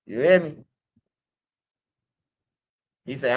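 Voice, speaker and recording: A man's voice: a little high, moderate pace, a bit bright, poor audio. A man in a casual rant, rambling and profane, full of street slang and repeating himself.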